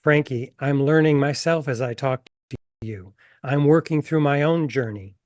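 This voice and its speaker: Man reading as a gentle wise woman mentor. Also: medium pitch, no room sound, clean studio sound, lightly acted. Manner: slow, soft, deliberate reading.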